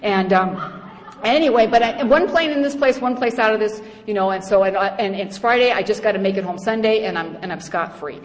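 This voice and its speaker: A middle-aged woman giving a personal testimony at a recovery meeting. She tells it in an animated, humorous way and acts out other voices. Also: mid-range voice, brisk. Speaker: speaker sharing her story at a recovery meeting. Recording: echoey hall with faint background noise.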